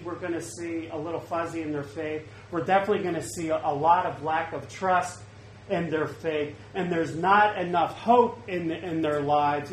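Pastor type, man with a slightly high voice, earnest and conversational sermon delivery; echoey room. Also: slight background noise. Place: church service. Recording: roomy, faint ambience.

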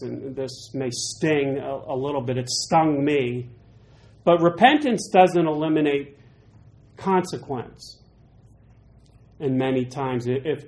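A man teaching through Bible passages in a chatty, animated way, with quick asides. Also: mid-range voice.

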